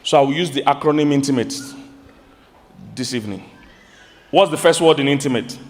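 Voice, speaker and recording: A Nigerian man preaching a sermon as pastor, animated, with sudden high outbursts and questions to his congregation. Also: a little fast, big-room sound, a little hiss or hum.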